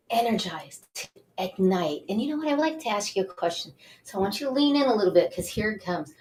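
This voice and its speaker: A woman hosting a self-help TV show, talking in an animated, coaxing way as she leads viewers through breathing exercises. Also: mid-range voice. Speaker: host.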